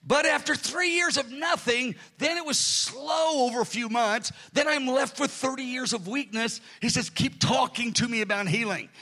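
Older guy pastor, high voice, talks to the crowd like a chat, voice a bit strained. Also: normal speed, few pauses, bright, forceful tone. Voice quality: voice prone to strain. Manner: earnest, conversational preaching with sudden rises in pitch. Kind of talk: sermon.

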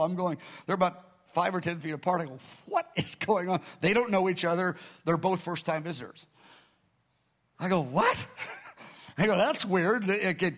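Animated man telling a sermon story. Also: a little high. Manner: animated storytelling, acting out quotes with dramatic shifts in loudness. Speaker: pastor.

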